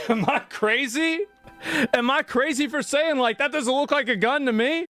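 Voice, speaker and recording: A high-pitched male streamer hedges and rambles, leaning on filler words as he reacts to footage. Faint music plays under his voice. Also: measured pace, bright, forceful tone. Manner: hesitant, rambling, full of "like". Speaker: streamer in a played clip. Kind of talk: casual reaction commentary.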